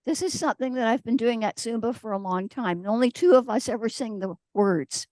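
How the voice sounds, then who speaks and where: Lady preaching a chatty story sermon, kinda high mellow voice, acts out the quotes. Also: brisk, no room sound. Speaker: guest speaker. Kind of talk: conversational sermon.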